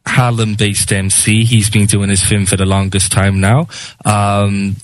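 Low-voiced Welsh man, relaxed guest. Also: unhurried, no room sound, rough recording. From United Kingdom. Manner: relaxed, casual with fillers. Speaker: radio guest. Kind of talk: casual interview chat.

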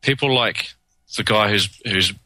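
Ranting New man, low bright voice. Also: measured pace, no echo, poor audio. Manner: ranting, emphatic, repeats words. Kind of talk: casual conversational chat.

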